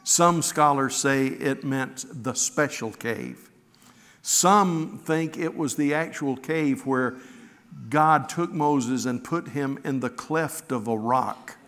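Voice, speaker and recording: In a hall with long reverb, a man with a mid-range, slightly bright voice speaks slowly. He preaches a sermon earnestly, reading scripture and telling stories, often restarting by repeating words.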